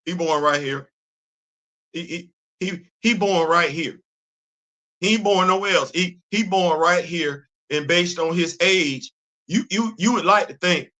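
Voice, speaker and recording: A man's voice: on the high side, moderate pace, bright, forceful tone. A middle-aged man from the Bronx, hosting a casual opinion monologue, emphatic and repetitive, using street slang. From Bronx, New York, USA. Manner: conversational, repeats and restarts, street slang, emphatic. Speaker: show host. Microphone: streaming setup.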